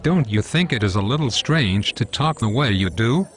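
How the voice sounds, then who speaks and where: A man's voice: medium pitch, animated, normal speed, natural voice. A male computer voice playing a legal writing coach who corrects plainly and matter-of-factly.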